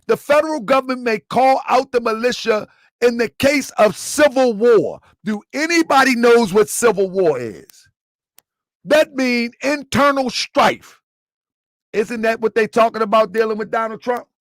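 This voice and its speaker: Emphatic high-voiced man hosting commentary. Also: lively intonation, a little slow, no room sound. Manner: emphatic, repeats points, quizzes listeners. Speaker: commentary channel host. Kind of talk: live commentary to viewers.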